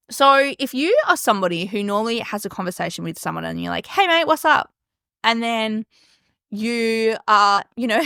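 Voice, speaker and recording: A young woman hosting a casual solo podcast, talking fast and chatty, laughing often and swearing casually. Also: a little high, fairly bright tone, no room sound, studio quality. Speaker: podcast host. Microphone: podcast mic.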